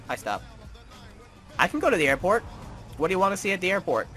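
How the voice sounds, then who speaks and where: A man's voice: high voice, sing-song, quick pace, a bit bright, faint music behind. A man commenting on his gameplay, joking and trash-talking the game's characters. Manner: taunting, joking, mock-tough trash talk. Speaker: gaming streamer.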